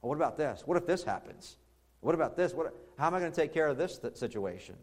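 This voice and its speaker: A preacher acting out a hushed, fretting patriarch. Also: male voice, a little high, animated, quick pace. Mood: fretful. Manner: hushed, muttering worry. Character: sleepless fretting patriarch in a tent, man.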